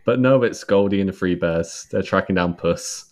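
A man co-hosting a podcast, retelling film scenes in a casual chat, laughing often and quoting characters in higher voices. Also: normal speed. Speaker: podcast co-host.

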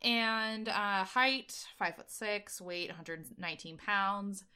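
A woman's voice: mid-range voice, slow pace, clear, resonant tone. A woman co-hosting a casual podcast, recapping a film in a playful way and sometimes mimicking characters. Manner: animated, playful, does mock voices of characters. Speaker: podcast co-host. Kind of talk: casual movie-discussion chat.

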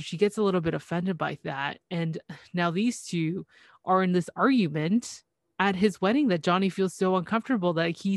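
A speaker with a mid-range voice recaps a TV episode in casual chat, sighing and acting out what the characters said. The delivery is expressive and chatty. The recording is dry, with no room echo. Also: medium pitch. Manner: expressive, sighs, retells scenes by acting out the characters' lines. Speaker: podcast co-host recapping a TV episode.

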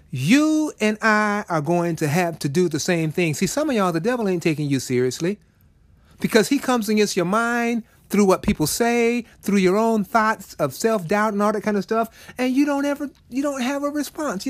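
A man's voice: sits high, no room sound. A middle-aged man preaching a storytelling sermon in a folksy, conversational way with emphatic turns.

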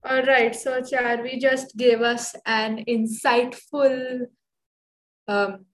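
A woman's voice: on the high side, little pitch movement, takes it slowly, slight background noise, rough recording. A young woman co-hosting a podcast, chatting in a playful, teasing way. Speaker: podcast co-host. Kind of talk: casual chat.

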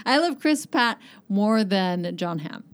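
Slow-talking woman with short replies. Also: mid-range voice, lively intonation, no echo. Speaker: podcast co-host. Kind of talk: casual chat.

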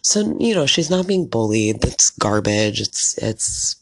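Gravelly-voiced chatty podcast host. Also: medium pitch, big pitch swings, unhurried. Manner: chatty, frequent filler words; opinionated, candid. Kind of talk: casual solo commentary.

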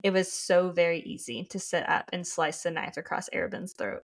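A woman's voice: lowish voice, fairly quick. A young woman co-hosting a book podcast, enthusiastically discussing and reading passages aloud. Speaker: podcast co-host.

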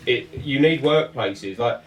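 A man's voice: mid-range voice, takes it slowly, a little hiss or hum. A man hosting a podcast, talking earnestly in casual chat with many restarts. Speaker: podcast host. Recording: echoey room, mic at a distance.

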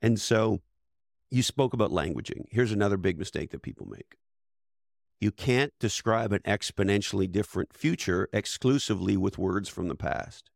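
A man's voice: lowish voice, expressive, normal speed, creaky, dry recording, studio quality. A man speaking as a podcast guest, emphatic and persuasive, driving his points with punchy rhetorical questions. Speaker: podcast guest, category design expert. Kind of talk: energetic interview talk.

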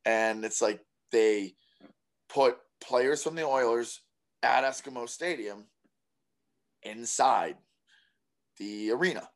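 A man's voice: mid-range voice, takes it slowly, long pauses. A man telling a story in casual chat, swearing freely, laughing and acting out what people said. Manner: profane, animated, laughs a lot, acts out quotes. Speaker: podcast co-host telling a story.

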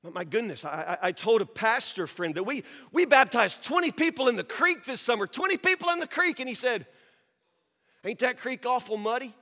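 High-voiced preacher in a hall. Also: male voice, animated, brisk, few pauses. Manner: preaching with loud rising peaks and quiet asides. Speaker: pastor. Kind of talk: sermon. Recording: long hall reverb.

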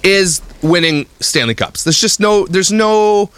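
A man's voice: high voice, measured pace, a bit bright, clean tone. A man in his thirties from Canada, co-hosting a podcast in casual, joking banter. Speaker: podcast co-host. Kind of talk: casual chat.

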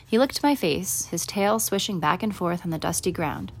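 A woman with a lower, unhurried voice reads a first-person children's story aloud. She narrates steadily and lifts her voice brightly whenever a character speaks. Her storytelling is plain and clear. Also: expressive. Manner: voices characters with raised pitch and louder quotes. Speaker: audiobook narrator.

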